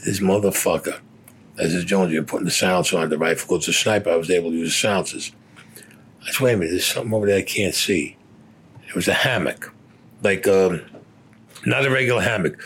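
A man's voice: sits low, husky. An older man, a war veteran, telling a gritty personal story in blunt, profane speech, acting out what people said.

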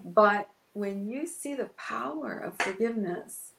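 A woman's voice: medium pitch, expressive, unhurried, creaky, reverberant, background noise. A woman pastor telling an emotional personal story in an interview, acting out her own past words. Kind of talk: testimony in an interview.

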